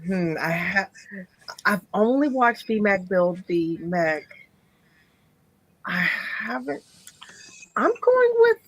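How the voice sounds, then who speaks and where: Mock-exasperated woman with a lively voice. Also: mid-range voice, extremely slow, long pauses, no room sound, rough recording. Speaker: podcast panelist. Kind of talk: casual chat.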